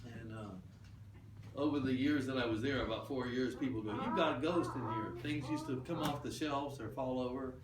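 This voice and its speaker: A man's voice: medium pitch, moderate pace, crowd noise. Older man, chatty ghost-story guide, echoey old wooden room. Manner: chatty, acts out quoted voices. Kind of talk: storytelling tour talk. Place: old wooden building, indoors. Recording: roomy, distant, noisy camera audio.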